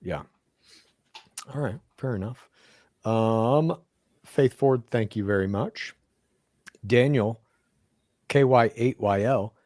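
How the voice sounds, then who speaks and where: A man's voice: medium pitch, slow pace, pauses often, a little mellow, dry recording, clean studio sound. A man co-hosting a podcast in casual chat, bluntly reading listener comments and swearing freely. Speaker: podcast co-host.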